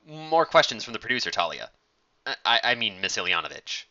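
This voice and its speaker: A timid young henchman, as a male narrator plays him, stammering and eager to please. His voice is sharp and bright and jumps around in pitch, through a muffled lo-fi recording. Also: sing-song, fairly quick, exaggerated voice. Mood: flustered. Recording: dull lo-fi recording.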